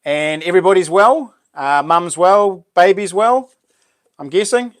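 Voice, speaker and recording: A New Zealand man hosts a laid-back live stream, reading out viewers' messages and answering them. His voice sits a bit high for a man, and the sound is close and dry with no room echo. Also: expressive, a little slow, a bit bright. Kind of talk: casual live stream chat.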